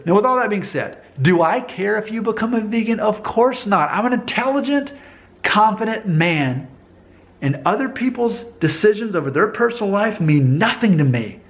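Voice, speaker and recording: A man's voice: high voice, expressive, moderate pace. A man talking straight to camera in a casual vlog monologue, emphatic and insistent, often repeating his points. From United States. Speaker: vlogger.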